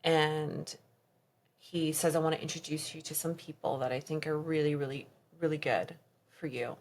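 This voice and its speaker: Low-voiced woman telling a painful story. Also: flat delivery, moderate pace. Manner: quotes others in her story, voice drops low and soft at hard moments. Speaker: podcast guest. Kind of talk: emotional personal storytelling.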